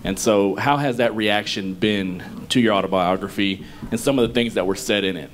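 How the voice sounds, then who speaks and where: A male reporter calmly asks an athlete a question at a media day. His voice is on the low side, and his manner is plain and steady, with light background noise around him. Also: moderate pace. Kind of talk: press conference question.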